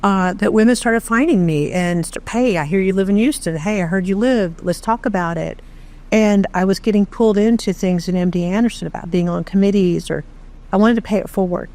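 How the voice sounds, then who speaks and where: A middle-aged woman from Texas tells her own story as an interview guest, candid and animated, with a self-deprecating streak. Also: medium pitch, brisk. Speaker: charity founder, interview guest. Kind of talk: conversational storytelling.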